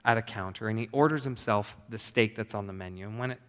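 A male pastor preaching a sermon in a conversational, animated way, repeating his phrases. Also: lowish voice, fast, clear, resonant tone. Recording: long hall reverb.

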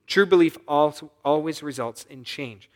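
Brief: male pastor with a fairly high voice, preaching from scripture, quiet one moment and pressing loudly the next. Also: normal speed. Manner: swings from soft asides to loud urgent appeals; reads scripture and voices the characters' lines. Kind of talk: sermon.

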